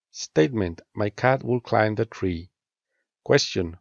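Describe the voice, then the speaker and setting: Slow, gravelly-voiced male teacher. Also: lowish voice, animated, dry recording. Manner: measured, reads statement and question pairs with careful rising intonation. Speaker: English teacher. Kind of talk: slow scripted grammar lesson narration. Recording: dull, lo-fi dry voice-over.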